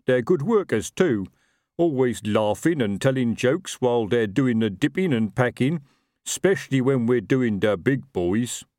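A man voicing a slow-witted, chatty male troll worker with a rambling, working-class manner. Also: medium pitch, expressive, a little mellow, no room sound, clean studio sound, natural voice.

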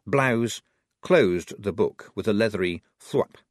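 A man narrating an audiobook with an expressive, varied delivery. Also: lowish voice, slow pace, no echo, clean studio sound. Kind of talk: scripted narration.

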